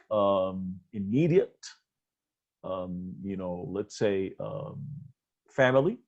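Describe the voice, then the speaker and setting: A man hosting an interview, asking long questions with many pauses and fillers. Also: mid-range voice, warm tone. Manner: hesitant, many fillers, long lists of terms. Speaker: interview host. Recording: dull lo-fi audio.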